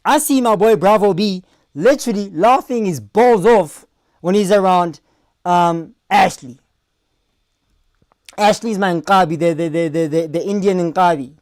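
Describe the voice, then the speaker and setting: Loud man reacting on stream. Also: high voice, a little slow, no echo, clean studio sound. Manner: loud, animated, crude banter with put-on voices.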